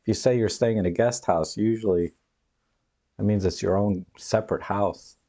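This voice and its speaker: A chatty man hosts a live stream from his home, reading out viewer comments and rambling between them. His voice sits a little low and sounds dark and mellow. He laughs often and wanders loosely from one thought to the next. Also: fairly even intonation, normal speed. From United States. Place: home, dog nearby.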